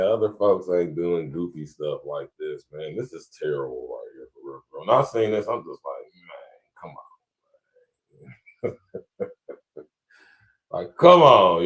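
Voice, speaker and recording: A man's voice: deep voice, expressive, normal speed. Laid-back Columbus Ohio man chatting. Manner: laid-back, chuckling, repeats "man" and "y'all". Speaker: podcast host. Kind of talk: casual commentary to a live audience.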